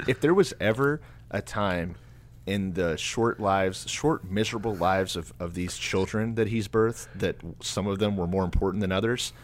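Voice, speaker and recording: A man's voice: sits low, moderate pace, a little hiss or hum. A man hosting a podcast, making sardonic, dry jokes while retelling a story. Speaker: podcast host. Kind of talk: comedic retelling, casual chat.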